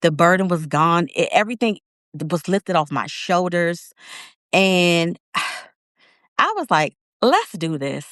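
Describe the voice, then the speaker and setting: A woman's voice: unhurried, pauses often, no room sound, studio quality. A woman in her thirties telling a personal story in a casual interview, acting out her own quoted words. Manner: animated, acts out her own quotes with big pitch jumps. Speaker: interview guest.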